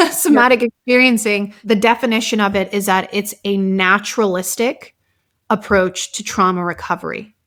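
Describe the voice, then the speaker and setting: A woman guest and author talking casually in an interview, telling stories in a lively way and filling her speech with "like". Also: medium pitch, moderate pace. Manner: animated storytelling, many fillers like "like". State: emotional at times. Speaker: guest, author and somatic practitioner.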